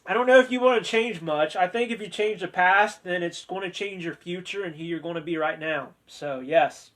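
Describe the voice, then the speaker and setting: A man with a high-pitched voice hosts a laid-back discussion. He talks in a chatty, joking way, with playful sarcasm. He turns sincere and sentimental when speaking of family. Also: moderate pace, fairly bright tone. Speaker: host of a discussion video. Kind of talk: casual chat.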